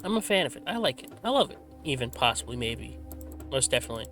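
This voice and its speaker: A man's voice: mid-range voice, big pitch swings, fast, over music. A man hosting a laid-back gaming channel, rambling and self-correcting with a slight stutter, into a desk microphone. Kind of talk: laid-back rambling commentary while playing. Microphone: desk microphone with a simple filter.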